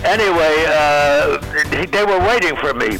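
A man's voice: fairly high pitch, expressive, a little slow, a bit bright, faint music behind, rough recording. An older male comedian telling a rambling anecdote on a talk show, chuckling as he goes. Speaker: comedian guest.

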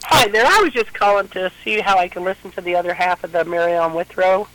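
A woman from Ohio calling in to a local radio show, polite and soft-spoken, heard over a phone line. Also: on the low side, fast talker, no room sound. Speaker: caller.

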